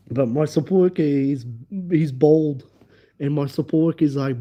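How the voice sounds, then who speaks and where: A man's voice: fairly high pitch, steady tone, unhurried. A man telling a long story on a livestream, rambling and restarting his phrases as he goes. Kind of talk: casual storytelling. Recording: dull lo-fi audio.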